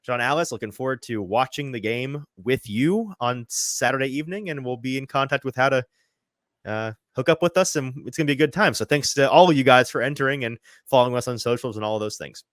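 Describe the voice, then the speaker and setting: A man hosting a sports podcast in casual chat, quick and self-deprecating, a little out of breath. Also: medium pitch, no echo. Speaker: podcast host. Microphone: headphones, remote call.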